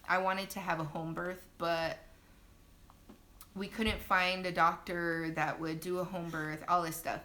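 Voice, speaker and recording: A young woman who recently became a mother chats casually with her livestream viewers about giving birth, addressing them directly. Her voice is level, a bit slow, and sharp in tone. The audio comes from a phone livestream and is low quality with faint background noise.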